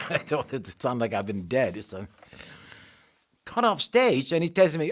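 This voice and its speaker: An older man, an actor, telling lively stories in an interview and acting out the voices. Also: mid-range voice, brisk. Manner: animated, acts out voices in his stories. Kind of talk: anecdotal interview storytelling.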